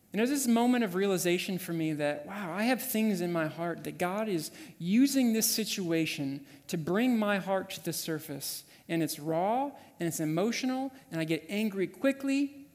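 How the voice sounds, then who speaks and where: A man preaching a sermon, telling a personal story with lively acted-out quotes. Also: sits high, big-room sound. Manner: animated storyteller, acts out quoted voices. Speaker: pastor. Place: church sanctuary.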